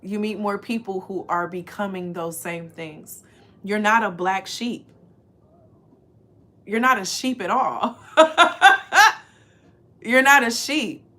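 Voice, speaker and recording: A woman reading oracle card messages and affirmations aloud, speaking earnestly and directly to the listener, repeating phrases slowly for emphasis. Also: medium pitch, bright, forceful tone. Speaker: spiritual card reader.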